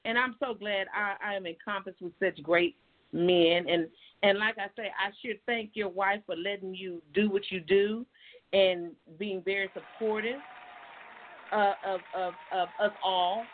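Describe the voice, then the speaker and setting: A woman's voice: medium pitch, fairly even intonation, unhurried. A woman hosting a talk show, chatting in an emphatic, folksy, encouraging way. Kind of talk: casual talk show conversation. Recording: tinny phone line with faint noise.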